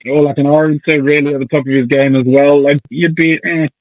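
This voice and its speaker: A man co-hosting a podcast, in casual chat, ranting in an animated, jokey way and swearing now and then. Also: a little high, fairly quick, dry recording, phone-quality sound. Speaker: podcast co-host.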